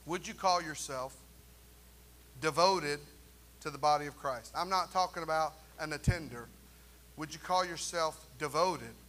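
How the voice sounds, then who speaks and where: A man preaching a lively sermon in a church, joking with the congregation and calling for responses. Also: fairly high pitch, slight background noise. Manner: animated preaching with jokes and call-and-response asides. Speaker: pastor. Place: church sanctuary.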